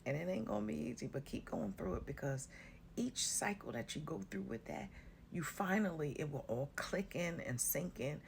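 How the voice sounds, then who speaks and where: A woman's voice: low-pitched, sing-song, normal speed, gravelly, slight background noise. A woman giving a casual spiritual talk to her viewers, blunt and sassy, swearing freely and calling listeners honey and baby. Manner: drawls terms like honey and baby. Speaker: spiritual content creator.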